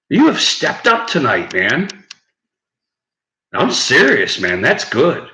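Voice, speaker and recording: A man's voice: mid-range voice, wildly swooping pitch, slow, pauses often, sharp tone. Rambling, swearing man hosting a live stream. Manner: rambling, swearing, laughs at his own lines. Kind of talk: casual live-stream chat reading viewer comments. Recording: echoey room, faint background noise.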